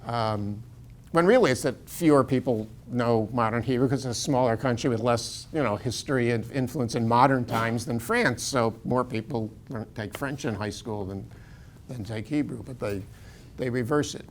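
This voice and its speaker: A man's voice: medium pitch, normal speed, a little hiss or hum. An older American man lecturing as a university professor in a casual, digressive way, chuckling often and restarting his sentences. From United States.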